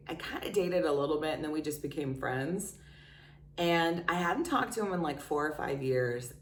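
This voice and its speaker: A woman's voice: low voice, fairly bright tone. A woman vlogger telling a personal story in a candid, chatty, self-mocking way. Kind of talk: casual confessional storytelling. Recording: roomy sound, distant from mic.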